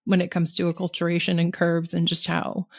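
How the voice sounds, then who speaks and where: A woman hosting a podcast, chatting casually and often affirming her guest with quick "mm-hmm"s. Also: on the low side, completely flat delivery, gravelly, dry recording, studio quality. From California. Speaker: podcast host. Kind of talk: casual conversational interview.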